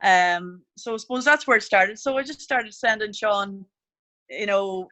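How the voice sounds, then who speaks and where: Woman, interview guest, casual, relaxed, short searching phrases, middle pitch. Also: measured pace.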